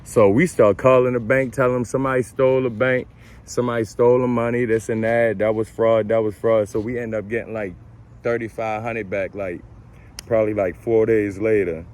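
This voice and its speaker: A man's voice: on the low side, level tone, a little fast, a little mellow. A man telling a casual story about his own life, slangy and profane, acting out his own reactions. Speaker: storyteller vlogger.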